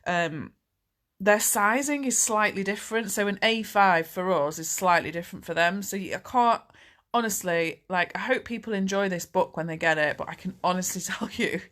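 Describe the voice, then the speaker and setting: A woman's voice: mid-range voice, normal speed, fairly bright tone. Chatty woman life coach. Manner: candid, chatty, reassuring. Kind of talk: live Q&A chat.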